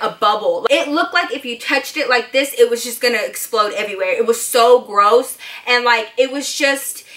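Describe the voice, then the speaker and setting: A woman vlogger tells a personal story in a casual, animated way, talking straight to her viewers. Her voice is bright and a touch high, sprinkled with "like" and "you guys.". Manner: animated, fillers like 'like' and 'you guys'. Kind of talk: storytime vlog.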